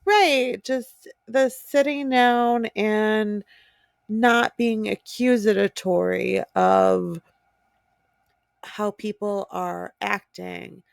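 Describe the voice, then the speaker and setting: A woman co-hosting a casual chat podcast who speaks slowly, with a gravelly edge to her voice. She is reflective and supportive. The sound is close and dry. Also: mid-range voice, fairly even intonation, no room sound. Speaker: podcast co-host.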